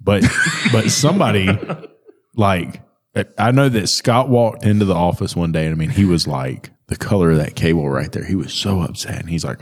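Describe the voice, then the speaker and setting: A man's voice: low-pitched, moderate pace, slightly rough. A man in a casual podcast chat, teasing wryly and telling stories.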